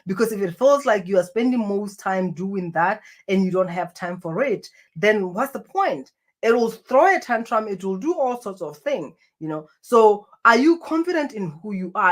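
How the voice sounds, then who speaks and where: A woman's voice: mid-range voice, a bit bright. A woman speaking as a spiritual coach in an earnest self-help talk, often restarting and repeating her phrases as she goes.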